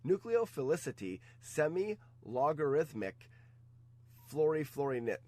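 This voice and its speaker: A man's voice: fairly high pitch, big pitch swings, measured pace, darkish tone, no echo. A man chatting casually next to a game stream, goofy and playful, with sing-song noises. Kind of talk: casual chat.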